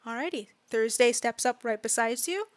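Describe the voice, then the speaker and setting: A woman's voice: a little high, animated, normal speed, dry recording. A woman game master casually narrating a tabletop game, with many fillers in her descriptions.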